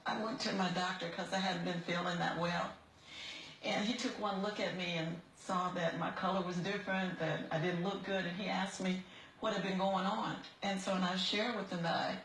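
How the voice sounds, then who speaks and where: Sex: woman. Role: defendant on a TV court show. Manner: halting, earnest, repeats her words. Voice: bright, clear timbre. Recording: roomy courtroom with faint ambience. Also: fairly low pitch, slight background noise. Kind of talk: testimony before a judge. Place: TV courtroom studio.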